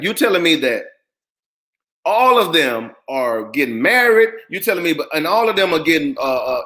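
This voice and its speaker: Male host, higher voice, keeps repeating himself to get a word in during a heated argument. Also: sharp tone. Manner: interrupts, repeats himself, insists on being heard. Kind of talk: heated debate.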